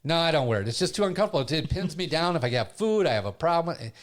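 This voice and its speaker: Older man telling a lively story. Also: on the high side, rapid-fire. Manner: animated storyteller who acts out his own past voices. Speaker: podcast host. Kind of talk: casual storytelling chat.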